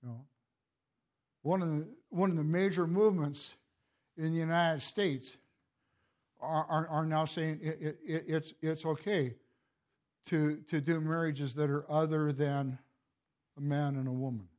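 Older guy preaching, high-pitched, stumbles and repeats himself a lot, chuckles. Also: steady tone, darkish tone. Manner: halting, repeats words, laughs at his own stories. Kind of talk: sermon.

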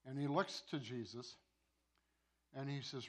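A pastor telling a sermon story, with many repeated words and restarts. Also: male voice, medium pitch, a little slow, fairly bright tone.

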